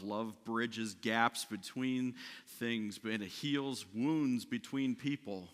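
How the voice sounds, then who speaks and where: A pastor delivers a sermon in a bright, forceful voice. He talks conversationally, checking in with his listeners and restarting sentences as he goes. His voice rings out in a reverberant church hall. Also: mid-range voice. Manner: conversational preaching with frequent "right?" and restarts. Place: church sanctuary.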